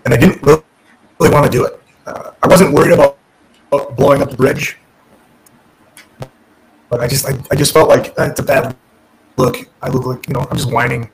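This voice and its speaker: Gravelly-voiced man telling his story frankly. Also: medium pitch, fairly even intonation, fairly quick, long pauses, a little hiss or hum, poor audio. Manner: frank, profane, reflective, many restarts. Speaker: podcast guest, former pro wrestler. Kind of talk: candid casual interview storytelling.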